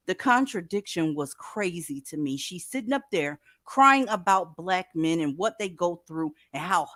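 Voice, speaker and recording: A woman's voice: fairly low pitch, a bit bright, dry recording, studio quality. A middle-aged woman hosting a livestream, talking bluntly and emphatically with plenty of profanity. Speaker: livestream commentary host. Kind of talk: casual commentary livestream.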